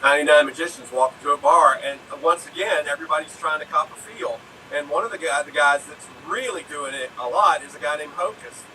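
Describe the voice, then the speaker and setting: A man riffs through quick improvised bar jokes in a loose storytelling way. His voice is very bright and sharp and a little high. He sounds set back from the mic, with faint noise around him. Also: distant mic, poor audio. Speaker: improv player. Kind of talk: telling improvised joke setups.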